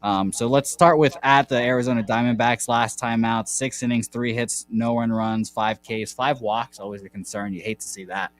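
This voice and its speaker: A man's voice: mid-range voice, fairly even intonation, normal speed, few pauses. A man hosting a casual sports betting show, rambling and correcting himself as he reels off baseball stats. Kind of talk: casual podcast chat.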